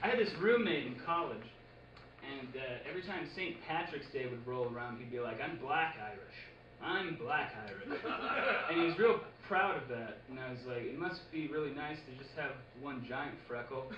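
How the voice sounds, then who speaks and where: A man performing a stand-up comedy set with deadpan, absurd one-liners on a club stage. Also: medium pitch, fairly quick, recorded from a distance, lo-fi sound, noisy background. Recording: roomy live club recording with loud ambience.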